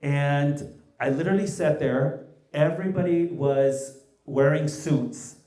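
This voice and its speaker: Male panel guest, with asides, warm low tone, echoey hall. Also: takes it slowly. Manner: mixes English and Mexican Spanish, lively anecdotes. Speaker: small business founder, panel guest. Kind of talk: animated panel storytelling.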